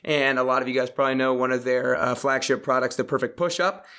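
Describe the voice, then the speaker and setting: A man's voice: mid-range voice, steady tone, fast, bright, forceful tone, clean tone. A man hosting a podcast, upbeat and enthusiastic in a casual interview. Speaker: podcast host.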